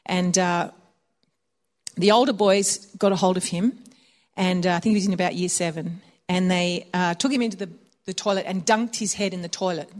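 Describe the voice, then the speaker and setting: A woman preaching a conversational sermon, telling personal stories and laughing often. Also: fairly low pitch.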